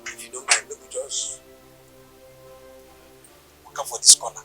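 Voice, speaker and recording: An actor with a Nigerian Pidgin accent playing a fawning, pleading male gateman in a Nollywood film, husky and wheedling. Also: medium pitch, level tone, moderate pace, pushed and bright, faint music behind, low-quality recording. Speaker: gatekeeper.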